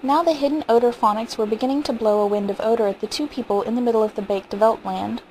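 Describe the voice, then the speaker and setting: A woman reads a short story aloud with steady, vivid narration. Her voice sits a little high, and a faint hiss lies under the recording. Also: quick pace, rough recording. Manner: steady, vivid, descriptive reading. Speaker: audiobook reader.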